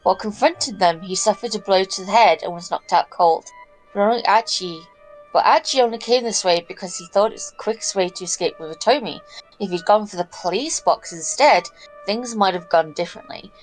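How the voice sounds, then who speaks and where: Relaxed woman co-hosting a game. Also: mid-range voice, faint music behind, low-quality recording. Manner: relaxed, chatty, quick to laugh. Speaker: let's play co-host. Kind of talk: casual game commentary and reading.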